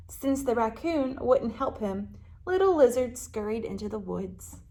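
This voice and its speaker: A librarian reading a picture book aloud to children, animated, gasping and asking them questions. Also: female voice, fairly high pitch, moderate pace.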